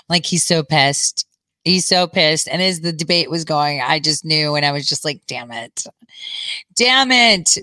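A woman vlogger pausing news clips for casual, conspiratorial commentary in an insistent way. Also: fairly low pitch, fairly bright tone, no room sound.

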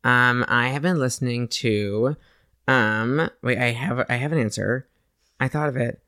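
A young man guesting on a podcast, chatting in a quick, animated, playfully dramatic way. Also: medium pitch, smooth, dry recording, clean studio sound. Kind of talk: casual chat.

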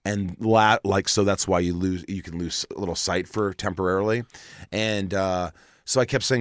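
A man with a low voice tells a personal story in casual chat. He acts out the dialogue and swears freely. The sound is dry and close. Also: steady tone, normal speed, no echo.

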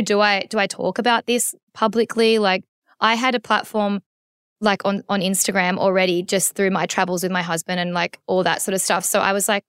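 An Australian woman in her thirties, a podcast guest, speaks candidly and emotionally in a conversational interview, rambling a bit with many restarts and "like"s as she searches for words. Her smooth, resonant, medium-pitched voice moves a little fast and is recorded close in a dry room with no room sound.

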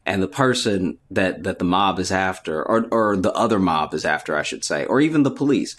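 A man's voice: sits low, lively intonation, brisk. A man co-hosting a podcast, joking and chatting in a laid-back way. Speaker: podcast co-host. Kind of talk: casual podcast chat.

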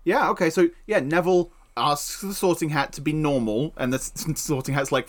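Very low-voiced woman joking around. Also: fairly quick, hardly any pauses. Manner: joking, swears casually. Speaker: podcast co-host. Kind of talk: casual chat.

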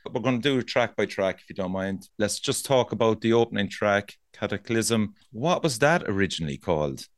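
A man's voice: on the low side, fairly quick, few pauses, no echo. A man with a Cork Irish accent hosting a podcast, telling a rambling anecdote in casual chat and swearing freely. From Ireland. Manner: swearing, animated anecdote-teller. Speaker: podcast host.

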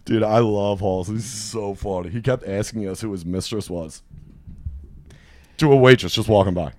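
A man telling crude, animated anecdotes on a podcast and acting out the people in them. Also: lowish voice, normal speed. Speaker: podcast host. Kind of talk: casual storytelling chat.

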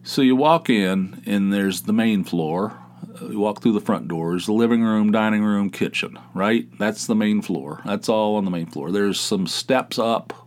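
A middle-aged man from West Virginia hosting a podcast from his home office, telling stories in a rambling, self-deprecating way with many asides and restarts. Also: lowish voice. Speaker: podcast host. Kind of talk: casual storytelling monologue.

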